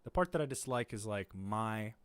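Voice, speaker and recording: A man's voice: fairly low pitch, lively intonation, moderate pace, dry recording. A man streaming, chatting casually in a rambling, thinking-aloud way full of fillers. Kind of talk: casual chat.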